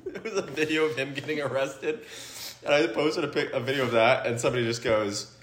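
A man co-hosting a podcast, chatting casually and telling wry stories with quick asides. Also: medium pitch, a bit bright, slight background noise. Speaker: podcast co-host, social media manager. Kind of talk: casual chat. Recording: roomy.

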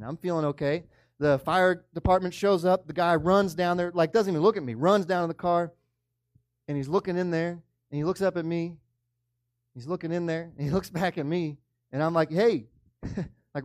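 A young man preaching with a slightly high voice, in a casual storytelling manner. His sermon rises from easy conversation to emphatic peaks. The sound is close and dry, with no room echo. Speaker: pastor.

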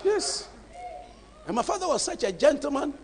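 Emphatic high-voiced preacher. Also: male voice, sing-song, normal speed, creaky, in a large hall, crowd noise. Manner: emphatic, dramatic, swinging from hushed to shouting. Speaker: pastor. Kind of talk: sermon.

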